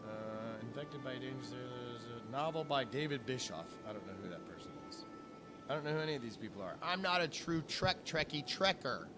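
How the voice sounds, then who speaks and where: A man ranting in a casual vlog, swearing constantly and jumping between topics with animated energy. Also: mid-range voice, a little fast. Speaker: vlogger. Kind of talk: profane casual rant. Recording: clear music playing behind.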